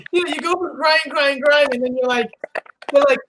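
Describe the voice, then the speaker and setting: A middle-aged woman with a high voice chats casually and tells animated stories. She acts out other people's lines and laughs often. A steady hiss of noise sits behind her. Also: moderate pace, pauses often. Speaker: host. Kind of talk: casual chat.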